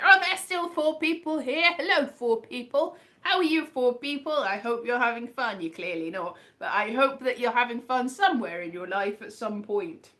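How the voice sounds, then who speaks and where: A woman's voice: a little high, pushed and bright. A woman comedian with a West Country accent, rambling through a casual, self-deprecating livestream chat.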